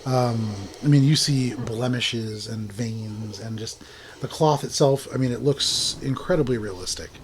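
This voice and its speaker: A man narrating as game master in a tabletop game, describing scenes with relaxed fillers. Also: medium pitch, a little slow, crowd noise.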